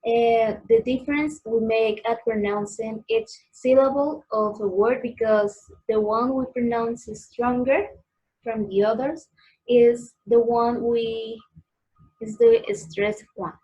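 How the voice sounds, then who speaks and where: A young woman from Colombia with a Colombian accent, a native Spanish speaker giving a class presentation carefully, pausing on um and uh. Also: fairly high pitch, steady tone, mellow, highs cut off. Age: young adult. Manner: careful, with um and uh pauses. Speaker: student presenter.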